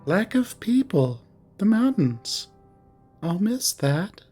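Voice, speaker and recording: A man voicing a confident young woman about to leave home for college, speaking softly and a little wistfully in a visual novel read-aloud. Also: high voice, sing-song, takes it slowly, breathy edge, faint music behind, voice pushed up, full character voice.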